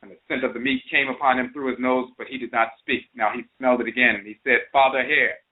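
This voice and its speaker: A male host telling a folktale and explaining words, repeating each one for emphasis. His voice sits at an average male pitch. It comes through thin and narrow, like a phone call on internet radio. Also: little pitch movement, quick pace. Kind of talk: storytelling and explaining terms.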